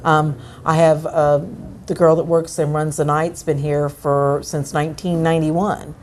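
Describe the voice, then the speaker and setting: Woman, restaurant owner, lower voice, plainspoken, friendly, faint room noise. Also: little pitch movement, a little slow, darkish tone. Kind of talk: casual interview answers. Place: restaurant, indoors.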